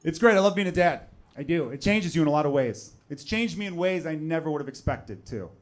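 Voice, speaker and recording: Man doing a loud, lively stand-up set. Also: on the high side, a little fast. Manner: conversational, jumps into loud exaggerated voices for characters. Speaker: stand-up comedian. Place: comedy club stage with laughing audience.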